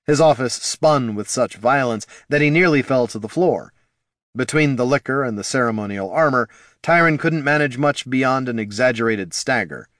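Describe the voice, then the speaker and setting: A man narrating a fantasy audiobook in a lively, expressive storytelling manner. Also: mid-range voice, normal speed, dry recording, clean studio sound.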